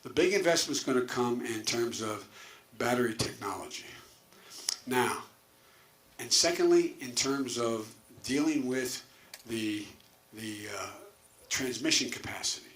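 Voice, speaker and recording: An older political candidate giving an earnest, rambling debate answer. He doubles back on himself and trails off into asides at a middling pitch. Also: lively intonation, a little slow, long pauses, fairly bright tone. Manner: earnest, repetitive, with many restarts and trailing asides.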